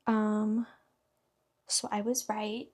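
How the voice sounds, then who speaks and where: A woman's voice: mid-range voice, level tone, very slow, a little mellow. A woman beauty vlogger in casual get-ready-with-me chat, rambling with lots of fillers while she does her makeup. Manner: rambling, filler-heavy, chatty.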